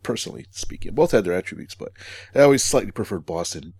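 A man's voice: lowish voice, fast, gravelly, husky, no echo. A man co-hosting a casual podcast, telling stories with frequent laughs. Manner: laughing, storytelling, relaxed. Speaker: podcast co-host. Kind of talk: casual chat.

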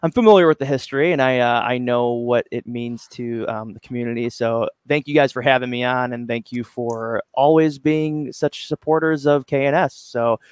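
A man guesting on a podcast as a company representative, relaxed and modest, with some hesitant fillers. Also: mid-range voice, normal speed, few pauses, clear, resonant tone, dry recording. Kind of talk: casual interview chat.

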